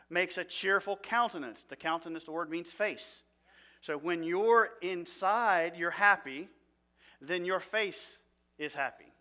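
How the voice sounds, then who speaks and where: Earnest man teaching with a bright voice. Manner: earnest, asks the audience questions, drops to a low soft voice for feelings. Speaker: Bible teacher. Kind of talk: Bible teaching talk.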